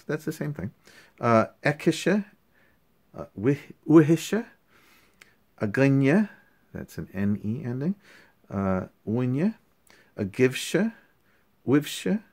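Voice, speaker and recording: A man with a somewhat low voice walks through a lesson review in an unscripted, casual way. He pauses often with fillers and restarts his sentences, and he sounds out words slowly. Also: a little mellow. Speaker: language learner reviewing lessons. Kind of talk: casual spoken lesson recap.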